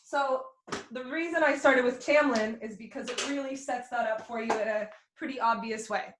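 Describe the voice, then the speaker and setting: A woman's voice: fairly high pitch, moderate pace, background noise. A young adult woman teaching a fiddle class online, explaining rhythm and counting beats aloud in a friendly way. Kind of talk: online music lesson. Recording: echoey room.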